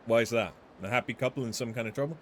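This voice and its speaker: A man's voice: mid-range voice, racing, slight background noise, close to an everyday voice. A man voicing a brash, cocky street tough in a video game, with coarse slang. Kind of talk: reading game dialogue aloud.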